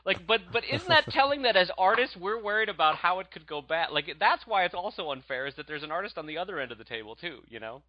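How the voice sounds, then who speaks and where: A man co-hosting a casual podcast chat, talking fast and eagerly about being an artist. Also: high voice, big pitch swings, no room sound. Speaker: podcast co-host. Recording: dull lo-fi mic.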